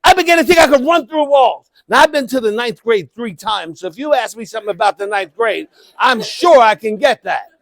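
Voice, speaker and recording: High-voiced, animated man giving a keynote. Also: brisk, hardly any pauses, dry recording. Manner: animated, calls out to the crowd, bursts into shouting. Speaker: motivational speaker. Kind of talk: live keynote speech to an audience. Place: conference event room.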